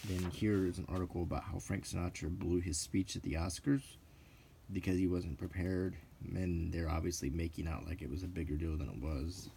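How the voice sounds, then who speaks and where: A middle-aged man giving soft-spoken show-and-tell commentary as a vlogger, meandering and unhurried, with frequent ums and self-corrections. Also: low voice, steady tone, creaky, slight background noise.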